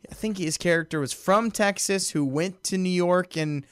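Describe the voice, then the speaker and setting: A man's voice: high-pitched, moderate pace, clean tone, dry recording, studio quality. A man co-hosting a podcast, chatting with wry, exasperated banter. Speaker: podcast co-host. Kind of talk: casual chat.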